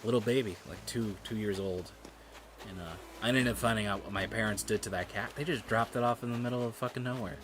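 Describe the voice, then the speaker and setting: A man's voice: mid-range voice, fast talker, a little hiss or hum. A man chatting casually while streaming a game, telling rambling stories and swearing freely. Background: game music.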